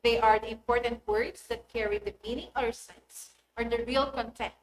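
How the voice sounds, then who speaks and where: A woman's voice: a little high, fairly even intonation, normal speed, noisy background. A woman, a teacher giving a recorded classroom lesson and pronouncing example words one by one with careful stress. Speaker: English teacher. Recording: roomy echoey recording.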